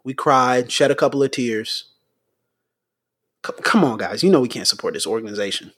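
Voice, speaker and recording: A man imitating a casual male pastor who shrugs off his congregation with hedging and sighs, in a husky voice. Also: medium pitch, normal speed, pitched below the performer's own voice, lightly acted. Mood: dismissive.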